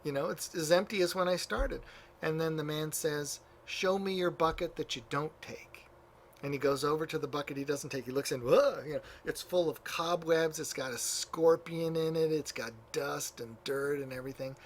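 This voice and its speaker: A man's voice: a little high, normal speed, slight background noise. Chatty male lecturer retelling a story. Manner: conversational storyteller with many fillers and asides. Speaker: church history teacher. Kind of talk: classroom lecture, retelling stories. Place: classroom.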